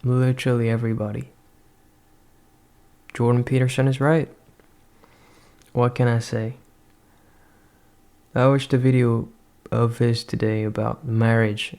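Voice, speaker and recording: A man's voice: medium pitch, darkish tone, clear, resonant tone. A young man, not a native English speaker, delivering a rambling, profane, introspective monologue as a vlogger.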